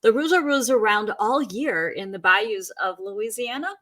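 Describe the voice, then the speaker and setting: A woman's voice: medium pitch, normal speed, a crowd in the background. A woman on a podcast, chatting casually and retelling folklore with plenty of fillers. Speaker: podcast guest. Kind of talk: casual chat.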